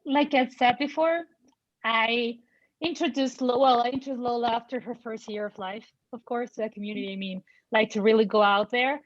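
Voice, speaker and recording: A woman in her thirties, a parent on a panel, telling her own story in an outspoken, animated way with many fillers and voiced quotes. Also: on the high side, moderate pace, no room sound, highs cut off. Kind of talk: personal storytelling in a panel conversation.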